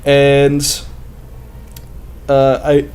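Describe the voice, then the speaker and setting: A man's voice: medium pitch, completely flat delivery, very slow, darkish tone, slight background noise. A man chatting casually while playing a game, rambling and swearing with many fillers into a close desk mic. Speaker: gamer and podcast host.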